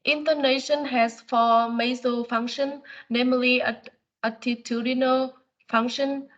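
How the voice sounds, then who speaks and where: A woman's voice: high-pitched, steady tone, measured pace, fairly bright tone, dull audio. A woman student with a Vietnamese accent, a native Vietnamese speaker, reading a class presentation hesitantly. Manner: hesitant, with fillers.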